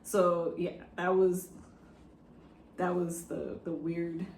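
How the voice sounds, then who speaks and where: A woman from San Francisco telling a travel story in casual chat, animated and acting out the people she quotes. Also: fairly low pitch, slow pace, slight background noise. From San Francisco, USA. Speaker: travel vlogger. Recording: roomy echo with faint music.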